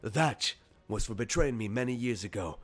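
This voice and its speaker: A man voicing a grim, vengeful elven wizard who speaks in a harsh, forceful, low voice, over faint music. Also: lively intonation, measured pace. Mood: furious.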